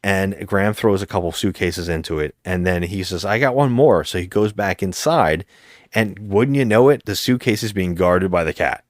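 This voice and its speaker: A man's voice: low voice, moderate pace, no echo, clean studio sound. A man co-hosting a movie podcast, retelling a film's plot in casual chat and acting out the characters' lines. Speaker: podcast co-host.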